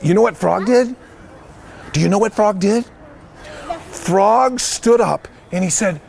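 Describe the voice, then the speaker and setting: A man, head of a school, telling a story to children with lively shouts and questions to his listeners. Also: sits high, measured pace, creaky, long pauses.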